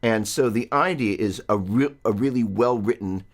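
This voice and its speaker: A man's voice: lowish voice, normal speed. A man hosting a casual live-stream guitar lesson, rambling and chatty, breaking off mid-sentence to greet viewers. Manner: rambling, self-interrupting, chatty.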